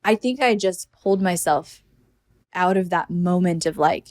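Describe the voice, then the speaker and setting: A woman's voice: on the low side, a little slow. Chatty woman guest telling stories. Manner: animated, many "like" fillers, acts out her own inner voice. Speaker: podcast guest, entrepreneur. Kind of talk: casual conversational storytelling.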